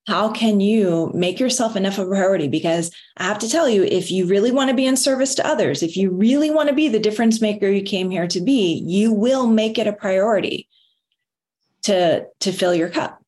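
A middle-aged woman telling a personal story in an earnest, motivational way, with lively emphasis. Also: mid-range voice, brisk. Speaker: wellness speaker. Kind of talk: motivational talk.

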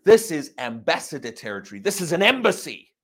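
Male pastor, sermon delivery, emphatic and questioning, higher voice with very lively pitch. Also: brisk, husky. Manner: emphatic, asks the congregation questions.

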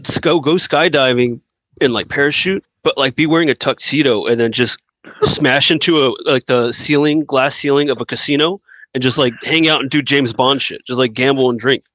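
A young man in casual chat, relaxed and rambling, who laughs easily. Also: mid-range voice, moderate pace, no echo, rough recording.

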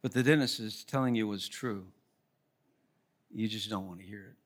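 A man preaching a sermon as pastor, emphatic, asking rhetorical questions and swinging between loud appeals and quiet asides. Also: on the low side, normal speed.

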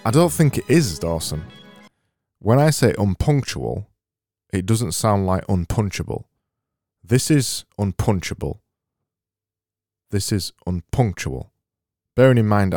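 A man's voice: sits low, a little mellow, no echo. A man hosting a casual solo podcast, reading out listener messages with dry, self-mocking humour. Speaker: podcast host.

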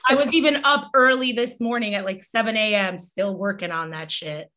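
A woman's voice: medium pitch, normal speed, bright, forceful tone. A woman teacher co-hosting a casual podcast chat, talking expressively and laughing often.

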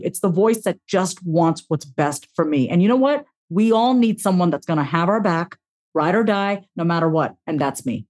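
A woman speaking as a podcast guest, giving a heartfelt motivational talk with expressive self-talk and casual swearing. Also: fairly low pitch, moderate pace.

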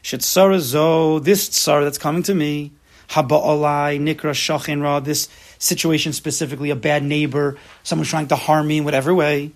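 A man's voice: on the high side, fairly even intonation, normal speed. A man teaching a class, emphatic, mixing Hebrew terms into his English. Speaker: Torah teacher. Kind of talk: lecture to a class.

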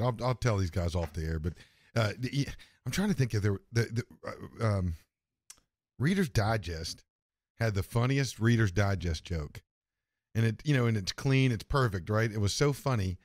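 A man hosting a casual podcast, telling jokes in a halting way and repeating words as he goes. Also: fairly low pitch, darkish tone, no room sound, clean studio sound. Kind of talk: casual chat, joke telling.

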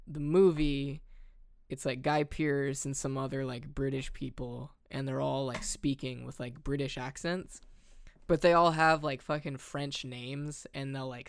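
Young male co-host, slightly high gravelly voice, loose filler-heavy banter, dry sound. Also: dry recording. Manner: laid-back, filler-heavy, laughs often. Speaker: podcast co-host. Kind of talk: casual chat.

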